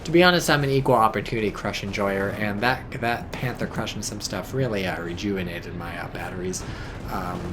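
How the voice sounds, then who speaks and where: A man giving casual, rambling game commentary full of swearing, tired and a bit drunk, with sudden bursts of excitement. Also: lowish voice, fairly quick, noisy background.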